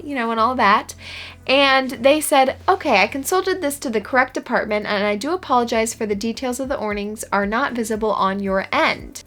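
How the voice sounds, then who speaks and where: Woman, vlogger, slightly high pitch, sarcastic, dry humor, casual chat. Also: fairly bright tone. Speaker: gig delivery shopper and vlogger. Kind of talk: casual vlog, reading out a chat log.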